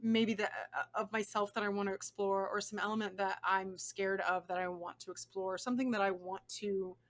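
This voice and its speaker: A young woman chatting as an interview guest, enthusiastic and quick to laugh, with many restarts. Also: medium pitch, fairly even intonation. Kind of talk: casual interview chat.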